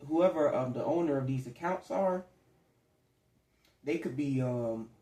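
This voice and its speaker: A warm, mid-range male voice belongs to a tarot reader giving a casual reading to camera. His talk rambles in a conversational way, dipping into acted-out quotes, and the room has a noticeable echo.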